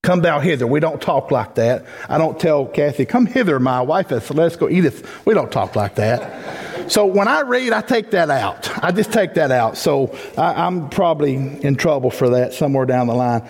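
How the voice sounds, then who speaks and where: A man's voice: a little high, lively intonation, moderate pace. A man preaching a folksy sermon as pastor, building to emphatic peaks. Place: church sanctuary. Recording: long hall reverb.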